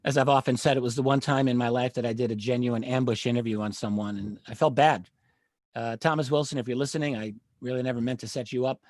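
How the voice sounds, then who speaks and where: A middle-aged man, a panel guest, telling a long story in a measured, earnest way and often pausing with uh and um. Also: medium pitch, fairly even intonation, darkish tone, dry recording, studio quality. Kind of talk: live panel discussion, recounting a story.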